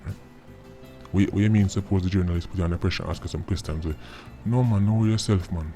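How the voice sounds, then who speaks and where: A man's voice: low-pitched, fast, mellow, faint music behind. A man with a Jamaican accent giving casual, mocking commentary in patois, often tagging his lines with "right?". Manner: mocking, repeating tag words like "right?".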